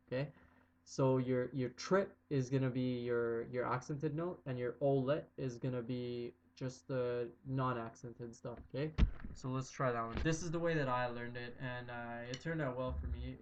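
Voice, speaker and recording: A man teaching drum rudiments in a casual video lesson. He talks in a relaxed way, checks in with "okay?" again and again, and counts out loud as he plays. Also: medium pitch. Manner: relaxed, repeats "okay?" often, counts aloud loudly while playing. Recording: dull lo-fi sound with faint noise.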